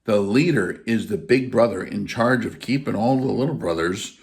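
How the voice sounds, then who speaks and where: A man's voice: on the low side, moderate pace. A man giving an informal spiritual teaching in a blunt, emphatic way, with casual swearing. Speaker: faith teacher.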